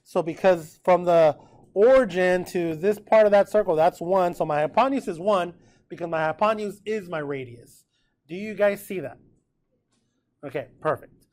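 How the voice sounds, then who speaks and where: A man teaching a precalculus class in a relaxed, chatty way, often checking in with his students. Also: sits high, moderate pace. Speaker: math teacher. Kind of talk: classroom lecture recorded with notes.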